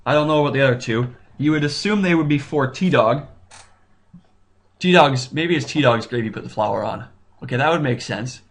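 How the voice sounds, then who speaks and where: A man in casual commentary, talking through a TV episode with rambling, excitable energy. His pitch sits in an ordinary middle range, and he keeps stopping to restart his thoughts and exclaim. He sounds like a solo video reviewer speaking straight to his viewers. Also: normal speed. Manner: excitable, rambling, thinks aloud with many restarts. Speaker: YouTube TV reviewer.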